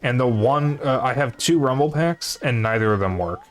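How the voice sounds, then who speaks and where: A man's voice: mid-range voice, expressive, moderate pace, slight background noise. A man streaming a video game, chatting casually in a rambling, offhand way. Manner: rambling, offhand, self-deprecating.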